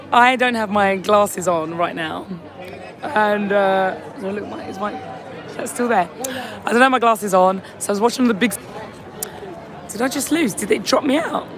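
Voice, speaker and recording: A hoarse, tired woman hosting a casual live-stream chat outdoors outside a venue, reading out viewer comments into a phone held at arm's length. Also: mid-range voice. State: hoarse, lost voice. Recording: crowd noise on a busy street.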